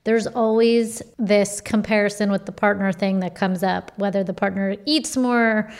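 A woman's voice: mid-range voice, fairly even intonation, moderate pace. A woman hosting a casual interview, affirming and reflective as she responds.

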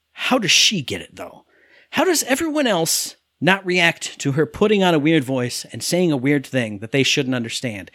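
Animated man ranting, lively high voice. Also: no room sound, clean studio sound. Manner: animated ranting, mimics characters' lines in exaggerated voices. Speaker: podcast co-host reviewing a game. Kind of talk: casual chat, ranting review.

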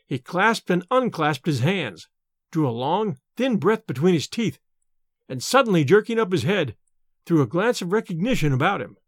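Male narrator with a high, animated voice; vivid reading, dry recording. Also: moderate pace, dry recording. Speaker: audiobook narrator. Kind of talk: scripted narration.

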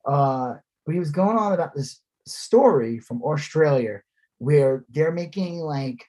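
A man's voice: on the high side, expressive, unhurried, warm tone. A man co-hosting a casual podcast, talking politics sarcastically and slipping into mocking impressions. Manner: sarcastic, drops into mocking voices. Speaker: podcast co-host.

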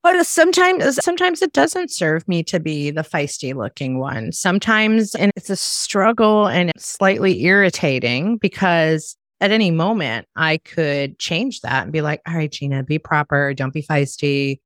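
A middle-aged woman hosts a podcast, chatting casually as an animated storyteller who acts out the voices of people in her tales. Her lowish voice keeps a measured pace with hardly any pauses, in clean studio sound with no room sound.

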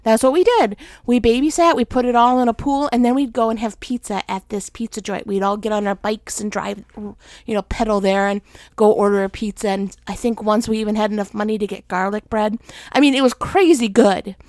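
A woman's voice: medium pitch, brisk, darkish tone, dry recording, studio quality. A middle-aged woman hosting a personal faith podcast, talking candidly and with self-deprecating humor, worn out while recovering. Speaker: podcast host.

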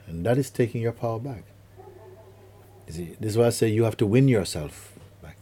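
A middle-aged spiritual teacher addresses an audience in a low, mellow, husky voice. His delivery is earnest and unhurried, and he brings quotes and vivid images to life as he speaks.

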